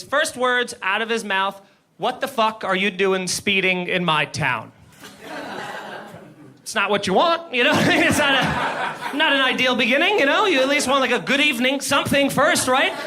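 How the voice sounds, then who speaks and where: A man performing stand-up comedy on a club stage, telling a story in an animated way and acting out the people in it. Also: extremely high pitch. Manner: animated, acts out the cop and himself in quick impressions. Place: comedy club stage before a live audience.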